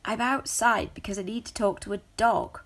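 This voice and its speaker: A woman's voice: medium pitch, fairly even intonation, moderate pace, pitched above the performer's own voice, natural voice. A woman doing an earnest little tomcat. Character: small, earnest young male pet cat.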